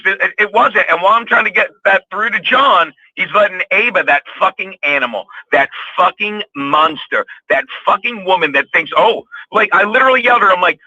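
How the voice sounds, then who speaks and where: High-voiced, heated, swearing man. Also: brisk, few pauses, pushed and bright, breathy edge, no echo, rough recording. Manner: rambling, heated, swears constantly. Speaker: podcast co-host. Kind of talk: profane casual podcast chat.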